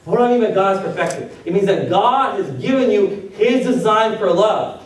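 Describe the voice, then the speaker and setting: A man delivers a sermon, pressing his listeners with one rhetorical question after another. His voice sits a little high for a man and sounds a touch far from the mic. It rings through a very echoey church hall. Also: normal speed. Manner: preaching with many rhetorical questions. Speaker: pastor. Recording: very echoey room, voice from a distance.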